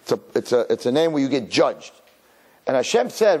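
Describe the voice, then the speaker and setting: A male rabbi giving an animated Torah class in a dramatic, conversational way, sometimes putting questions to the audience. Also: medium pitch, a little fast, husky.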